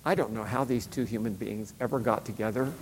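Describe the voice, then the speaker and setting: A man's voice: fairly low pitch, steady tone, brisk, a little hiss or hum. A middle-aged man telling a personal story in a casual, conversational way, with lots of fillers and short acted-out quotes. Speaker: speaker. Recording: long hall reverb.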